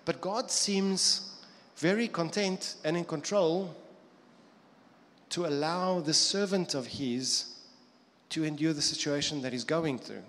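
A man's voice: fairly high pitch, slow pace, pauses often, a bit bright, in a large hall. A man preaching a sermon in a conversational way, now and then acting out quoted voices.

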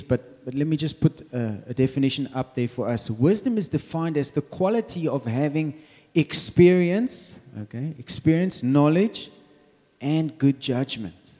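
A man's voice: medium pitch, warm tone. A man with a South African accent preaching a conversational sermon, quizzing the congregation as he goes.

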